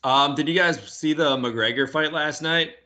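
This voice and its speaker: A man's voice: on the high side, normal speed, bright, forceful tone. A man hosting a podcast in casual chat, talking loosely with plenty of swearing and laughter. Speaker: podcast host.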